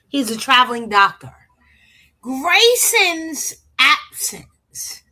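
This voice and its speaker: A woman co-hosting a casual recap chat, laying out a deliberate theory. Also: a little high, bright, forceful tone. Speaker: podcast co-host.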